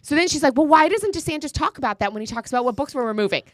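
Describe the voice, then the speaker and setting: Animated woman retelling a quarrel, dry sound. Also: high-pitched, rapid-fire, no echo. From Florida. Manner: animated storyteller, acts out both sides of a quarrel. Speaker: podcast co-host. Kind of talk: casual political chat.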